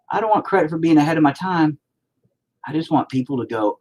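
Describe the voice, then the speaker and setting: A man's voice: a little high, fast talker, darkish tone, lo-fi sound. A man in his forties chatting casually on a live stream, rambling, profane and sarcastic. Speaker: live-stream host and musician.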